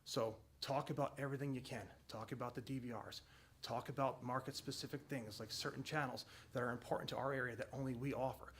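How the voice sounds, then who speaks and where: A man giving a sales training talk, energetic and emphatic, repeating key phrases to drive each point home. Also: medium pitch, fast, a little hiss or hum.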